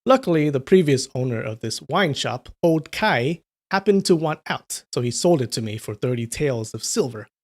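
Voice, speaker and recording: A man's voice: mid-range voice, animated, normal speed, hardly any pauses, lightly acted. A man voicing a polite, humble gray-haired old innkeeper in a storybook reading.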